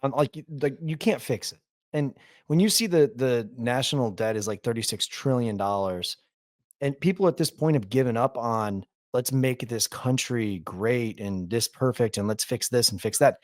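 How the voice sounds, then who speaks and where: Animated man in casual podcast banter. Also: medium pitch, moderate pace, dry recording, clean studio sound. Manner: animated storyteller, mimics friends. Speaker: podcast co-host. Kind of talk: casual chat.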